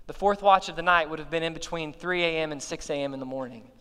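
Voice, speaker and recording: Man, pastor, sermon, high and bright, smooth resonant voice, long hall reverb. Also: fairly even intonation, quick pace, hardly any pauses. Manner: expository preaching, rising to emphatic peaks.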